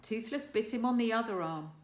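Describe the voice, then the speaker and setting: A primary school teacher, a woman, reading a children's story aloud with lively, expressive storytelling. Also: a little high, fairly quick. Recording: echoey room.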